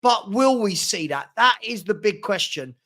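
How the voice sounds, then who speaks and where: A young man speaks with a high, bright pitch as he hosts a live football watchalong. He chats loosely into a desk mic in a room at home. He reads out viewer messages and answers them in a relaxed, running patter. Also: normal speed. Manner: chatty, reads out viewer comments, scolds a puppy. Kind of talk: casual live-stream chat.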